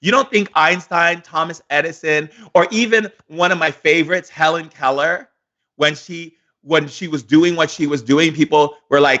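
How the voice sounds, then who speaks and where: A man giving a daily spiritual lesson as a shaman, speaking theatrically with slow pauses and acted-out dialogues. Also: fairly high pitch, pushed and bright, dull audio.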